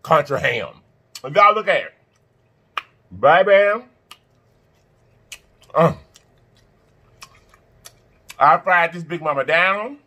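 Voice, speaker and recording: A man's voice: on the high side, slow, pauses often, a little hiss or hum. A man hosting a casual eating-show video, chatting to viewers, chanting catchphrases and humming as he eats. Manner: animated, chants catchphrases, hums while eating. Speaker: mukbang channel host.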